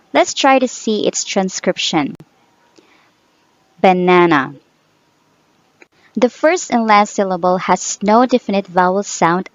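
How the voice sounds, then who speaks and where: A woman's voice: medium pitch, dry recording. A woman teaching English vowel sounds, saying each example word twice and drawing the sounds out carefully. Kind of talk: slow phonetics lesson. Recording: dull, dry sound.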